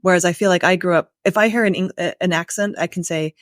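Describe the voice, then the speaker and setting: A woman's voice: lowish voice, fairly even intonation, fast talker, no echo, studio quality. An American woman hosting a podcast, chatting casually and asking long, thoughtful questions. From United States. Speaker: podcast host. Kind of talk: casual interview chat.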